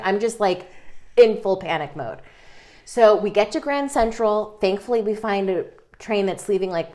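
A woman co-hosting a podcast, telling a story with lively, comic energy. She swears without a second thought and laughs through her words. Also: mid-range voice. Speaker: podcast co-host.

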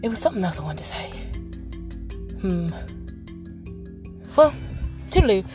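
A woman's voice: medium pitch, sing-song, unhurried, music in the background. A woman hosting a casual solo podcast, ranting bluntly and swearing as she tells stories. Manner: profane, blunt, ranting storyteller. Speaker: podcast host.

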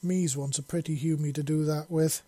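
A man's voice: on the high side, fairly even intonation, moderate pace, warm tone, dry recording, voice pushed up, natural voice. A man voicing a big, shy female super mutant who talks in broken, childlike speech. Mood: forlorn.

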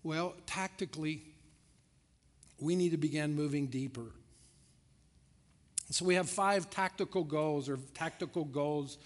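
A man's voice: a little high, unhurried, long pauses. A man preaching a sermon to his church in a conversational storytelling way. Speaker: pastor. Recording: long reverb of a large hall.

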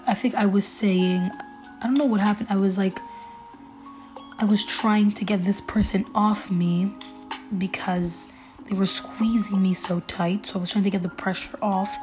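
A woman recounts a frightening experience in a loose, halting way, full of fillers and restarts. Her voice is mellow and warm, at an ordinary pitch. Faint music plays softly underneath. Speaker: storyteller. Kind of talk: casual personal storytelling.

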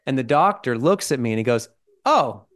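A man's voice: medium pitch, animated, fast. A man co-hosting a podcast, explaining ideas in casual chat and checking in with "right?" and "okay?". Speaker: podcast co-host.

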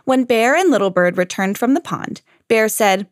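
A woman hosting a children's read-along podcast, reading a picture book aloud in a clear, gentle storytelling manner. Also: a little high, expressive, normal speed, no echo, studio quality.

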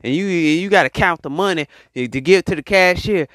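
A man's voice: high-pitched, fairly bright tone, dry recording, clean studio sound. A man hosting his podcast, preaching. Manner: call-and-response exhortation, drawn-out hype. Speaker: podcast host. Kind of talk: motivational preaching monologue.

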